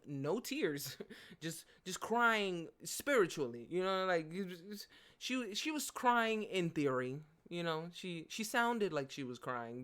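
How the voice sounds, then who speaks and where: A young woman, hosting her podcast in casual solo commentary, animated and dry-humored, laughing often. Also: clear, resonant tone. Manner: animated, swinging from low mutters to loud outbursts. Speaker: podcast host.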